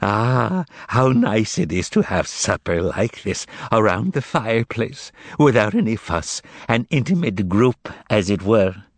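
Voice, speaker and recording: A man voicing a fussy, theatrical male sidekick in an audiobook, excitable and wailing. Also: a little slow, few pauses, no echo, full character voice. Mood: cozy. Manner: excitable, high and shrill. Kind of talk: audiobook character voice.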